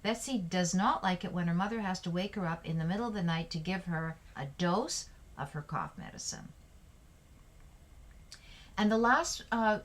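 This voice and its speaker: A woman with a somewhat low voice teaches English vocabulary. She spells words out letter by letter and gives an example sentence for each. She sounds like a middle-aged teacher walking a class through a lesson.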